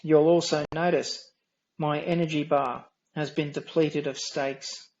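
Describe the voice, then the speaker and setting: A man's voice: on the high side, steady tone, unhurried, creaky, muffled recording, noisy background. Nasal droning Australian man. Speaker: streamer. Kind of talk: casual gameplay commentary.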